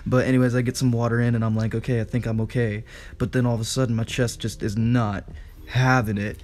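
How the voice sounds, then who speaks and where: A young man co-hosting a podcast, telling a story in a casual, animated way with quick asides, laughs and swearing. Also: mid-range voice. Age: young adult. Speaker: podcast co-host.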